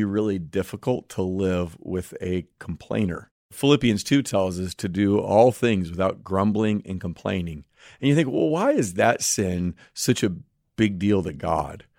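A middle-aged man speaks in a lowish voice, earnest and preacherly, firing rhetorical questions at his listeners. He co-hosts a faith podcast, and his voice is recorded close with a dry sound. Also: darkish tone, no echo. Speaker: pastor co-host. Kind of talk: podcast sermon-style talk.

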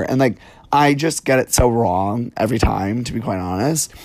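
A young man in his twenties chats frankly and campily on a podcast, scattering "like" through every sentence. His voice sits at a middle pitch. The recording is close and dry, with no room echo. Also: normal speed, hardly any pauses, a little mellow. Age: 20s. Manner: chatty, campy and frank, lots of "like". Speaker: podcast guest. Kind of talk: casual podcast chat.

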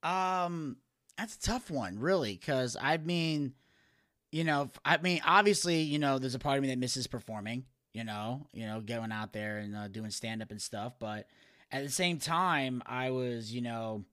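A man's voice: medium pitch, a little slow, fairly bright tone. A man co-hosting a podcast, chatting casually and telling rambling stories with lots of fillers. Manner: rambling storyteller, drops into cartoon impressions. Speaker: podcast co-host. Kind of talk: casual chat.

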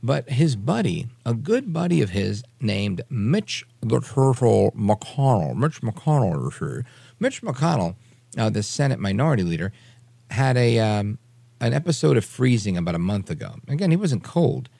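Guy hosting talk radio, low gravelly voice, dry studio sound, punchy political commentary. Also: very animated, moderate pace, mellow, no echo. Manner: emphatic, repeats phrases for emphasis, mimics people he discusses. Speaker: radio show host.

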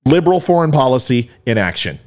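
Male commentary host, middle-aged, heated and mocking, lively pitch. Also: quick pace. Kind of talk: ranting political commentary.

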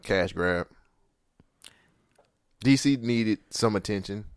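A man's voice: on the low side, takes it slowly, clean tone, no echo. A man co-hosting a podcast, bantering and ranting in casual chat. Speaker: podcast co-host.

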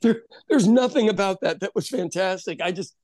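A man from Oklahoma, a former stand-up comic, telling stories in a casual, animated chat with frequent swearing. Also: sits high, no echo, clean studio sound. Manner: animated storyteller, swearing, quick asides.

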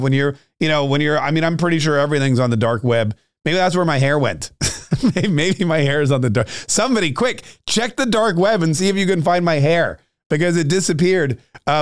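A man's voice: on the high side, no room sound, studio quality. A man hosting his own political podcast, rambling with joking, self-mocking asides and frequent restarts. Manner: restarts and trails off often. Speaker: podcast host.

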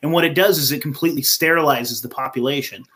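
A man co-hosting a podcast, talking in a rambling, profane, excitable way. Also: a little high, quick pace. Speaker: podcast co-host. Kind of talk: casual podcast chat.

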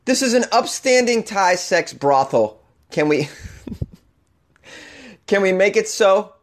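A comedian with a Boston accent hosts a news show and riffs on stories in a sarcastic, mock-outraged way. His voice sits a little high, and he often laughs at his own jokes. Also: sing-song, slow. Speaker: comedian podcast host.

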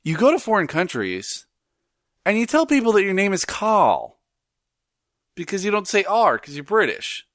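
A man co-hosting a podcast in casual chat, animated and laughing often. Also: high voice, moderate pace, pauses often, no echo, studio quality. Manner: animated, laughs often, does silly voices in stories. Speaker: podcast co-host.

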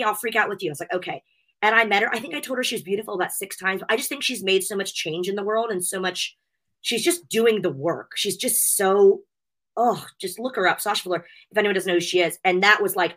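A woman speaks as a guest in a casual interview, her voice bright and forward. She pours out emotional stories in a quick, gushing way, scattering fillers as she goes. Her pitch sits in an ordinary middle range for a woman. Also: rough recording. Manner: effusive, emotional storytelling with many fillers. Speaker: guest, wrestling personality and convention host.

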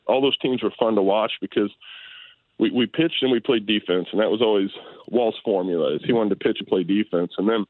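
A man talking casually as an interview guest, rambling and relaxed, repeating words as he restarts his sentences. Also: lowish voice, a little fast, dry recording. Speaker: interview guest, retired baseball player. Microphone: phone. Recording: tinny phone line, dry.

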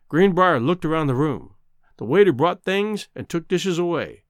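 A man narrating a classic story in an expressive storytelling manner. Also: on the high side, normal speed, no echo, studio quality. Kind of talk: audiobook narration.

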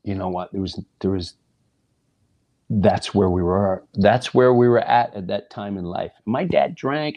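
A man hosting a podcast, telling a personal story in an animated monologue, acting out voices and often dropping into a whisper. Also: fairly low pitch, measured pace. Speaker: podcast host.

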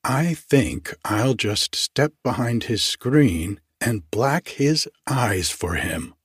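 A man's voice: mid-range voice, expressive, slow pace, slightly rough, no room sound, studio quality, heavily acted. A man doing a blustering combative old clerk. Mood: pugnacious. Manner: loud and combative. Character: blustering red-faced older male clerk.

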